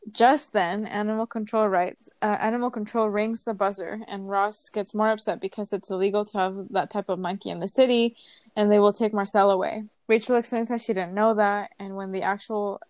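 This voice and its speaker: An easygoing woman co-hosting a casual podcast and plainly recapping a scene. Her voice is mid-pitched and recorded dry and close. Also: dry recording. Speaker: podcast co-host.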